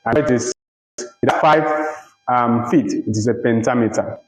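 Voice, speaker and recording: A man teaching a literature lecture, explaining slowly and deliberately, repeating phrases and checking that listeners follow. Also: mid-range voice. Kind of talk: recorded lecture. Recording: roomy, dull lo-fi recording.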